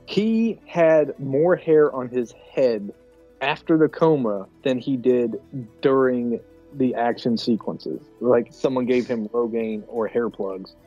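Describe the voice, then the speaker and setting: A man co-hosting a podcast, chatting about a movie with dry, deadpan one-liners, on a dull lo-fi recording. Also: mid-range voice, takes it slowly, faint music behind. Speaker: podcast co-host. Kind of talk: casual movie-riffing chat. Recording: dull lo-fi audio.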